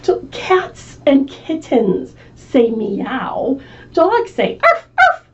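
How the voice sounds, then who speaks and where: A woman voicing a patient, worried mother dog, coaxing slowly and with emphasis, recorded on a distant, muffled mic. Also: high-pitched, huge pitch swings, heavily acted.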